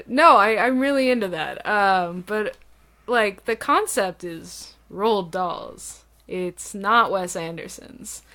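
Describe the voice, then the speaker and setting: Woman cohosting a movie podcast, lively, laughs a lot, lots of likes and ums. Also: mid-range voice. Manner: animated, laughing, many fillers. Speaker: podcast co-host. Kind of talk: casual film discussion.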